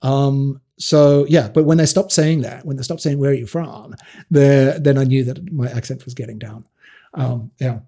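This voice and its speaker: A middle-aged South African man, a guest actor, telling animated stories in a casual interview, restarting often and laughing. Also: medium pitch, moderate pace.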